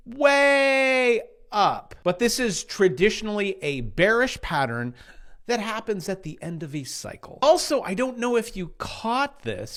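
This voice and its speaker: Middle-aged male vlogger, lively pitch, sarcastic rants, trading chart walkthrough. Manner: sarcastic, jumpy, mocking voices of doubters. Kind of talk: casual rant and chart walkthrough.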